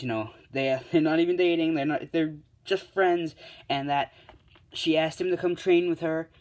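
Rambling young guy telling a fan story. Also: medium pitch. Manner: rambling, filler-heavy, hums placeholder sounds. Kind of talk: casual spoken fan story. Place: home, late at night. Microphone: tablet or other handheld device.

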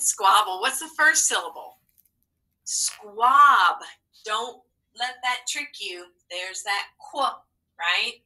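A woman's voice: mid-range voice, sharp tone, rough recording. A woman teaching a phonics lesson to children, speaking patiently and coaxing answers with prompts and praise.

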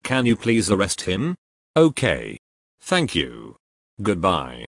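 A synthetic man's voice with a British accent, flatly reading out joke error messages and answering them. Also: deep voice, slow pace, vocal fry, dry recording. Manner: flat, even synthetic delivery that bursts into loud shouting. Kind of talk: comedic text-to-speech reading.

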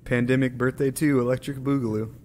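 A man co-hosting a podcast in casual chat, slightly hoarse from being sick, rambling with many hesitations. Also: mid-range voice, level tone, fairly quick, darkish tone, a little hiss or hum. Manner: rambling, hesitant, lots of ums. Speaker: podcast co-host.

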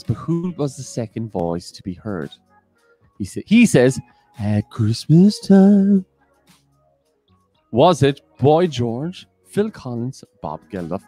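Playful quizmaster with a lively voice. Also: male voice, medium pitch. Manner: reads quiz options aloud, playful. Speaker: quiz co-host. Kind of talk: live-streamed quiz chat.

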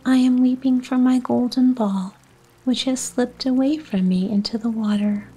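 A woman voicing a spoiled young princess in a whispered role-play bedtime story, speaking in a soft whisper. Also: on the high side, moderate pace, slightly rough, faint music behind. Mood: pleading.

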